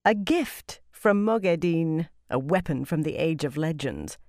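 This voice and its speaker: A woman's voice: low-pitched, lively intonation, unhurried, no echo, studio quality. A woman voicing an angry, demanding villainess. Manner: demanding, sharp.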